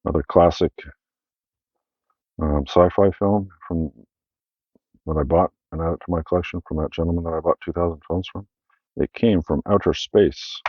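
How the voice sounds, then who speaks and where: A man's voice: low voice, steady tone, normal speed, long pauses, breathy edge, dry recording, lo-fi sound. A Canadian man hosting his own channel, casually rambling through his film collection with many fillers and self-corrections.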